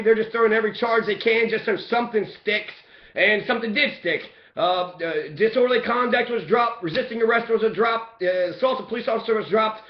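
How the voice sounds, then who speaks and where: Heated, profane man in an echoey room. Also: high voice. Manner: profane, rambling, grows loud and heated. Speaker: person recounting a police beating. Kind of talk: impassioned personal testimony. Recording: echoey, dull room recording.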